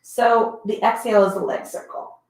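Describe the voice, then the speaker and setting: A woman's voice: on the high side, flat delivery, normal speed, a little mellow. Chatty woman teaching Pilates. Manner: chatty, cueing breaths and counting reps. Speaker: Pilates instructor. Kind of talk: casual guided workout instruction. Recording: echoey room.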